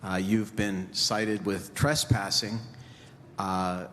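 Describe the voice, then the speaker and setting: A man's voice: sits low, steady tone, takes it slowly, a bit bright, slight background noise. A man voicing a stern male judge in a joke, questioning a defendant in a mock-stern way. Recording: reverberant hall, faint ambience.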